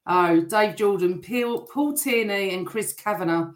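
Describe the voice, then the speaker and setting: A middle-aged woman hosting a live stream, chatting and greeting viewers by name while reading their comments, her voice still a little rough. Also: mid-range voice, a little slow, echoey room.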